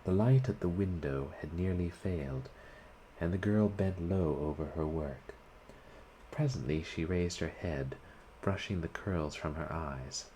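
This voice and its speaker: Deep, slow-reading man narrating a story. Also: mellow, slight background noise, rough recording. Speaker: reader of a short story. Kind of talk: audiobook-style story reading.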